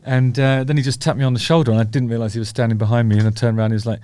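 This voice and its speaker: A man's voice: medium pitch, level tone, very fast, warm tone, smooth, no room sound, clean studio sound. A man hosting his own show, chatty and wry, poking fun at himself as he rambles on. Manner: chatty, wry, self-deprecating, rambling with fillers. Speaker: host. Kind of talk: casual talking-head commentary.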